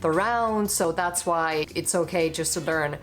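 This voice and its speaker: A woman's voice: fairly low pitch, a little slow. A Finnish woman teaching simple Finnish phrases in a casual, dry-humored way. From Finland. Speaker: language teacher in a video. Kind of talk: casual instructional talk. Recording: clip with faint music.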